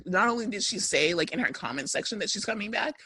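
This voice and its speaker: A woman's voice: mid-range voice, animated, fast, pushed and bright, husky, no echo. A young woman co-hosting a podcast, gossiping in a casual chat and laughing often. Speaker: podcast co-host.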